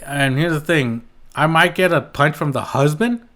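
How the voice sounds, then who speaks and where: A man's voice: a little high, normal speed, sharp tone. A man hosting his own podcast, ranting in a heated, rambling way with blunt swearing and frequent restarts. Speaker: podcast host. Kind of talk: solo podcast rant.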